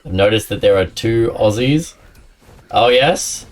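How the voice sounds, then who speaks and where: A man's voice: lowish voice, a little slow, distant mic. Chatty man streaming, a bit off-mic. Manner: chatty, rambling, laughs often, talks to chat. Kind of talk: casual live-stream chat while gaming.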